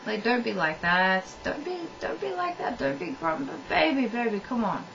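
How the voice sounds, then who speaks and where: A wheedling young boyfriend, put on by a woman in a vlog, brushes off a complaint with lazy coaxing. The voice sits a touch lower and softer than hers. The audio is dull and lo-fi, picked up from a little way off the mic. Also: big pitch swings, normal speed, vocal fry, recorded from a distance, a little hiss or hum, full character voice. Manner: wheedling, dismissive.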